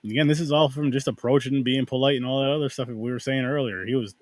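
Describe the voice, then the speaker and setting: A man's voice: mid-range voice, steady tone, quick pace, darkish tone. A man hosting an interview stream, reacting to his guest with short comments. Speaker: host. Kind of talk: casual chat.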